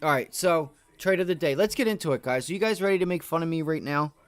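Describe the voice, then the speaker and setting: A man's voice: fairly high pitch, fast talker, no room sound. A tired man hosting a trading livestream, rambling to his chat with many restarts. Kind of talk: casual live-stream talk.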